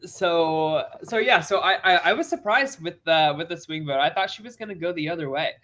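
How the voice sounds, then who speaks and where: A woman's voice: on the low side, animated, brisk, a bit bright. A woman co-hosting a podcast in casual chat, rambling through lots of filler words. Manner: chatty, full of "like" fillers. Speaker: podcast co-host.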